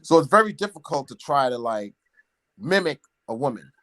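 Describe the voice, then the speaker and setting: A man talking in an animated, opinionated way during a casual chat, laughing between his points. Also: mid-range voice, moderate pace, dry recording.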